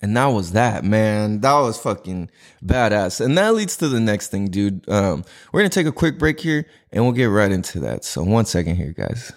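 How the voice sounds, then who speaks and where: Animated, slangy podcast host man. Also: fairly low pitch, normal speed. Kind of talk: casual solo podcast monologue. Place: indoors in a house. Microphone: podcast mic with cameras recording.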